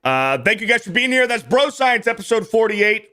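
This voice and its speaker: A man's voice: sits high, sing-song, normal speed, sharp tone. A young man hosting a casual podcast, reading out viewer donations in a laid-back way. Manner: laid-back, reads out donor messages. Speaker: podcast host.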